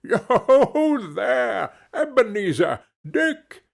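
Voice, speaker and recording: A man voicing a jovial, stout old male merchant with a rich, oily voice, calling out loudly in a storybook reading. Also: very high-pitched, big pitch swings, extremely slow, vocal fry, voice pushed up, full character voice.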